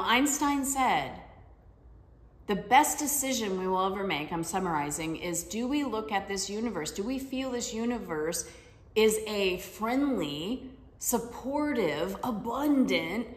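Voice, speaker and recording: A woman life coach talks through motivational stories in a loose, conversational way, often tagging her points with quick questions. Her voice sits in a mid range. The room around her is roomy, with a long reverb tail. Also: mid-range voice. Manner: conversational storyteller, tag questions. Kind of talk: motivational talk with personal stories.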